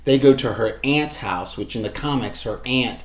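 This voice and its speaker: A man co-hosting a podcast, casually recapping a show and acting out the characters' lines. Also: normal speed. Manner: retells scenes acting out lines with shifts in pitch. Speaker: podcast co-host. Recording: echoey room.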